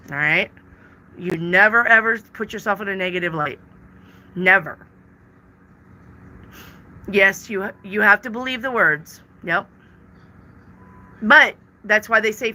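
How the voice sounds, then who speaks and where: Bright-voiced emphatic woman. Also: mid-range voice, measured pace, long pauses. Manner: emphatic, repeats words for stress; reads viewer questions aloud and answers them. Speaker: tarot reader answering live chat. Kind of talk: casual live-stream chat.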